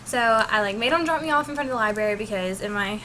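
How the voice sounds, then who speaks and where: Bright, chatty young woman vlogger. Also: on the high side, fast talker, slight background noise. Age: young adult. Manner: chatty, animated, says "like" constantly. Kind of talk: casual storytelling vlog. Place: college dorm room.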